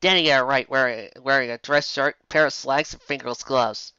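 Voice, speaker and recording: A woman reading fan fiction aloud in a lively storybook narration with casual asides. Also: extremely low pitch, brisk, clean tone, dry recording. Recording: dull lo-fi dry home recording.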